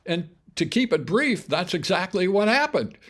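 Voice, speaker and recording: A man's voice: sits high, sing-song, moderate pace, fairly bright tone. An older man hosting a show, casually telling his own business history in a chatty, wry way, full of asides and self-corrections. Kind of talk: casual spoken memoir storytelling.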